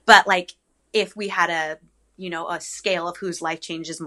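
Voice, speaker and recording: A woman's voice: on the low side, moderate pace. A woman in her twenties, a podcast guest, telling a personal story in casual chat, with many ums and likes. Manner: chatty, animated, frequent ums and likes.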